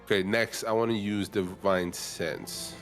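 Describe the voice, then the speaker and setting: A man's voice: lowish voice, fairly even intonation, unhurried, faint music behind. A man playing a tabletop game in a laid-back, slangy way. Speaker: player. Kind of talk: casual tabletop play.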